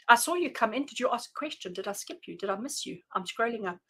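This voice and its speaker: A woman giving tarot readings on a live stream, chatty and animated, addressing viewers by name and laughing often. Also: a little high, quick pace, rough recording. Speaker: tarot reader.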